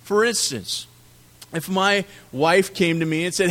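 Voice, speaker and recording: A man preaching a sermon, animated, swinging between loud emphasis and quiet drops on key words. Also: sits high, measured pace. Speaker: pastor.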